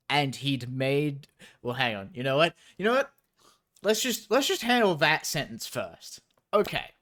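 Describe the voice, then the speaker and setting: Slow-talking, swearing male streamer. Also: mid-range voice, animated, sharp tone. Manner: incredulous, profane, sarcastic asides. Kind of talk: reading a story aloud on stream with commentary.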